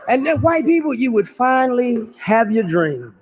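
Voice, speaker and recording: A man performing a stand-up comedy routine, riffing loudly and profanely with big swings in pitch. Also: very animated, unhurried, slight background noise.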